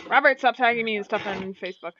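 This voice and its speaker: A woman running a tabletop game as game master, talking in a halting way. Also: a little high, pushed and bright, lo-fi sound, a little hiss or hum. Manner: halting, many fillers.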